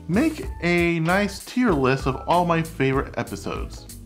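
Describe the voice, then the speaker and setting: A man's voice: a little high, big pitch swings, measured pace, soft background music. A man hosting his own cooking channel, chatting candidly and critiquing his own recipe videos. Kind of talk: casual vlog commentary.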